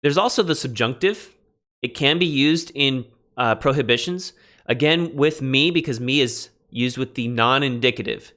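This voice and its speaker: A man teaches biblical Greek in an easygoing lecture, his voice bright and pushing forward. He thinks aloud, corrects himself, and leans hard on the key phrases. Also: medium pitch, moderate pace. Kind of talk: casual classroom lecture.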